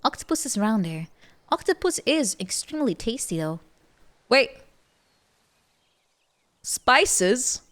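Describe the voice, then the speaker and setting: A woman's voice: on the high side, very animated, takes it slowly, long pauses, a bit bright. A woman streaming a strategy game, chatting playfully and reacting animatedly, often repeating words as she stammers and laughing between remarks. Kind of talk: casual live game-stream chat.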